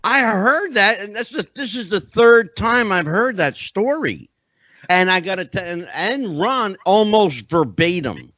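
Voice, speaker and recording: Lively middle-aged man hosting, dry close sound. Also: high-pitched, unhurried, dry recording. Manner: animated, chatty, leads into questions at length. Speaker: podcast host. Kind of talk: conversational interview hosting.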